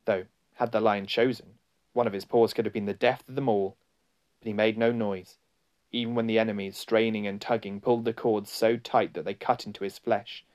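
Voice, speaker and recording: Male storybook narrator, low voice, unhurried dramatic reading. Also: steady tone, a little mellow. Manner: slow, deliberate, dramatic. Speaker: audiobook narrator.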